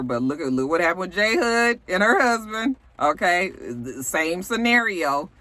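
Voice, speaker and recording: In this casual recap commentary, a young adult woman speaks with a bass voice that has a bit of brightness. She's blunt and gossipy about the reality show, full of sassy asides and profanity.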